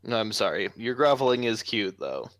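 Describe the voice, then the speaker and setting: A man reading the part of an easygoing male boss in a casual comic reading, teasing and relaxed. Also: on the low side, normal speed.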